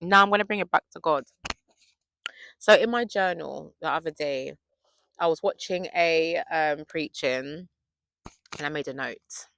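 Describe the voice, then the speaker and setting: A young woman chatting to camera in a faith vlog, telling stories in an excitable, gushing way. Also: low voice, measured pace, vocal fry, pauses often, no room sound. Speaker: faith vlogger. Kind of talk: casual chat to camera.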